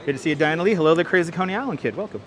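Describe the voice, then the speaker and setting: A man's voice: on the high side, lively intonation, rapid-fire, slight background noise. A man hosting a walking city livestream, upbeat, greeting viewers by name as he reads the chat, on a clip-on mic. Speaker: livestream host. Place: city streets and a large indoor station hall. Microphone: wireless clip-on mic.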